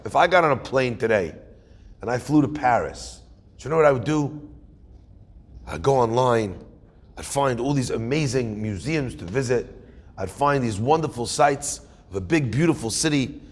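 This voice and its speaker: A man giving a conversational sermon as a rabbi, asking his listeners questions. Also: a little high. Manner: conversational, animated, asks the audience questions. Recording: hall reverb.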